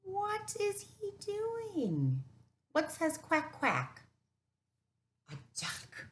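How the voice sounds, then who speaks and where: A woman reads a picture book to children, her pitch rising and falling in lively swings. She takes her time and often pauses to ask the listener what they think. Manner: animated, asks the listener questions. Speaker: teacher reading aloud to children. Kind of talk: storybook read-aloud with questions to kids. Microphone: camera mic.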